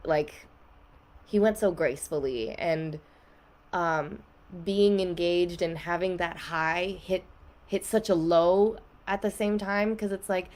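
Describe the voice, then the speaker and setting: Low-voiced young woman telling a heartfelt story. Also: fairly even intonation, takes it slowly, darkish tone. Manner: candid and emotional, many "like" fillers. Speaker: podcast guest.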